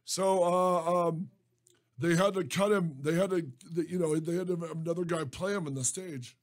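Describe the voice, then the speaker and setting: A man's voice: a little high, fairly even intonation, normal speed. A man co-hosting a radio show, making sarcastic wisecracks in casual studio banter. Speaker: radio co-host.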